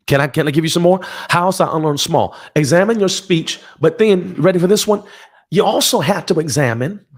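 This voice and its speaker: A man preaching from his home office on a livestream, fervent and emphatic, repeating phrases and calling out to his listeners. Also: a little high. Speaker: pastor.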